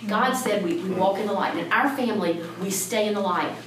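A woman talks directly and firmly about raising children in faith, with lively emphasis. Her voice comes from some distance off the mic and rings in a very echoey room over clear background noise. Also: mid-range voice, brisk. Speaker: parent speaking on Christian parenting. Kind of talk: conversational talk.

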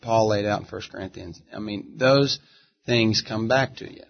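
A middle-aged man with a lowish voice tells stories in a relaxed, reflective interview. He takes his time and drifts between thoughts. The audio sounds dull and muffled. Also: gravelly. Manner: easygoing, reflective, drawn-out storyteller. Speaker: interview guest, gospel singer. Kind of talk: relaxed conversational storytelling.

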